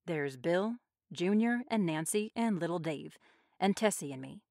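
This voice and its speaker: Woman as a regretful village husband, low and plain. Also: lively intonation, unhurried, vocal fry, a little mellow, no room sound, clean studio sound. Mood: resigned. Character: resigned quiet village husband.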